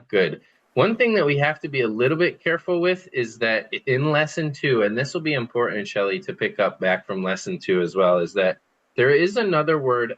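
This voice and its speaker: A Spanish teacher leads an online group language lesson over a computer, his medium-pitched voice fairly bright with the highs cut off. He explains patiently and repeats phrases for students to copy.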